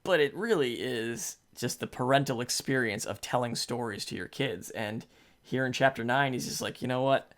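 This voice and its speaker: A man in his forties, co-hosting a podcast, retelling a book in a relaxed, rambling way. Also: mid-range voice, moderate pace. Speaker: podcast co-host. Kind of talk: casual book discussion.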